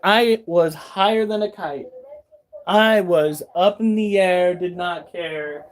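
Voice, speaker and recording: A man casually telling a pet vlog audience an animated story and swearing freely as he goes. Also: high voice, takes it slowly. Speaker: pet keeper and vlogger.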